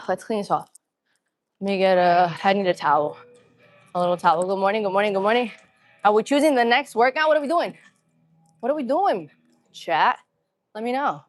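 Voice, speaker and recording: Livestreaming her workout from an empty gym, a woman greets her viewers and chats in a hyped, slangy way. Her mid-range voice is animated and moves at a normal speed, broken by long pauses, with no echo.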